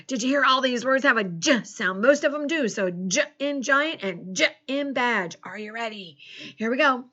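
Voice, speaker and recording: A middle-aged second grade teacher leads an online phonics lesson, cheerful and animated, spelling words letter by letter and tossing in playful pirate "arrs." Her voice is a little high at a moderate pace, and the recording's highs are cut off.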